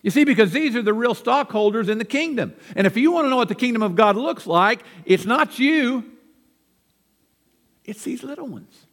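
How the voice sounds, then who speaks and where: A man's voice: very high voice, lively intonation, normal speed, fairly bright tone, big-room sound. An older man preaching a sermon, telling folksy, self-deprecating family stories from the pulpit in a church. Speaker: pastor. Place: church sanctuary.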